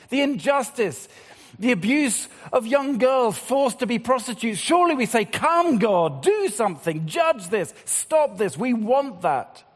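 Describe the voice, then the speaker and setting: A man preaching a sermon, swinging between loud appeals and hushed, slow passages. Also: very high-pitched. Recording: long hall reverb.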